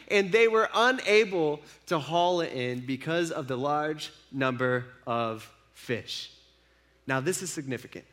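A man's voice: fairly high pitch, bright, forceful tone. A man preaching a casual sermon, retelling a story and acting out the speakers' lines in an everyday voice. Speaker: pastor.

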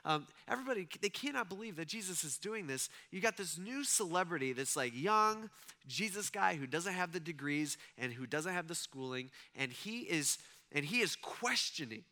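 A man preaching a casual, conversational sermon, acting out voices and asking his audience questions. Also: fairly high pitch. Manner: animated, conversational, acts out voices, asks the audience. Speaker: pastor.

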